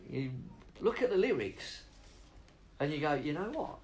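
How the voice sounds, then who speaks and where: A man's voice: a little high, big pitch swings, unhurried, a little mellow, a little hiss or hum, rough recording. A middle-aged man rambling off on tangents in a casual interview, swearing freely as he talks about spoken word.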